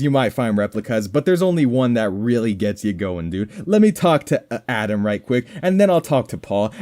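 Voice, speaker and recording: A man's voice: mid-range voice, dark tone. A young man giving rambling, joking commentary over his gameplay in a mock-formal, goofy way. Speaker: gaming commentator.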